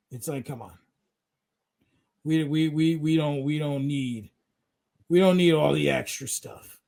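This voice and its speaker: High-voiced man in casual sports chat. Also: no room sound, low-quality recording. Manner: rambling, repeats words. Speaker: podcast co-host.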